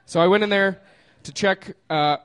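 A man's voice: high voice, moderate pace, a bit bright, clean tone. Laughing man telling a story. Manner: casual and laughing, with lots of fillers.

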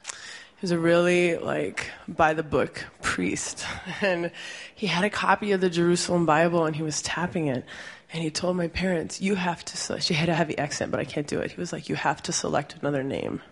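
A woman's voice: lowish voice, steady tone, moderate pace. A woman telling a personal story on stage, conversational and amused, laughing as she goes. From Puerto Rican family.

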